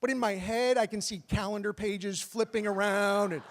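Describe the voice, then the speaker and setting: A man telling a true personal story on stage with comic timing and animated bursts. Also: sits high, normal speed. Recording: long hall reverb.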